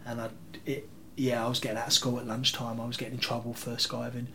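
A man, telling rambling, animated anecdotes as an interview guest. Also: mid-range voice, fast talker, a little hiss or hum. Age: 30s. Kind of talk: casual interview storytelling.

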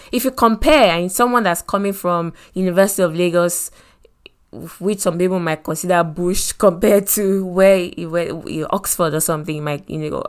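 A middle-aged woman from Nigeria with a Nigerian accent, telling a personal story in a motivational faith talk, animated, with many asides and repeated phrases. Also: fairly low pitch, clear, resonant tone. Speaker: podcast host and Christian speaker.

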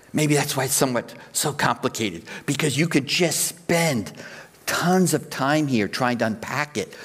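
A man's voice: mid-range voice, big-room sound. A man preaching a sermon as pastor, explaining his points step by step and counting ideas out in threes.

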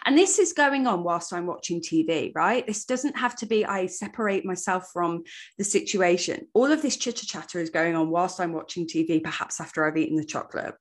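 Young woman coach hosting a solo podcast, lower voice, reflective self-talk. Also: a little fast. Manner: reflective, talks herself through inner dialogue.

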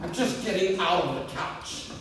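Fifty-something pastor, echoey church. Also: male voice, moderate pace, noisy background. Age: 50s. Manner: lively, self-deprecating storytelling with swooping pitch. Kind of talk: sermon. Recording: echoey hall picked up from a distance.

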